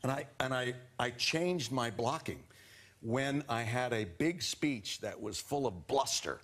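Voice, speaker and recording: A man, an actor, telling a relaxed story about a theatre performance on a chat show. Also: mid-range voice, unhurried. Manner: laid-back storytelling, mimics others. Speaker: actor guest. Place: TV studio with audience.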